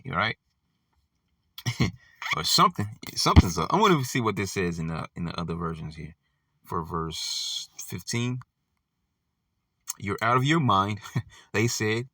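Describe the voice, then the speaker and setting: Man, low voice, casual Bible study teacher, chatty fillers, distant dry mic. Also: very animated, normal speed, long pauses, fairly bright tone, dry recording. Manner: conversational, full of fillers like "all right" and "you know". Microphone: audio only, not seen.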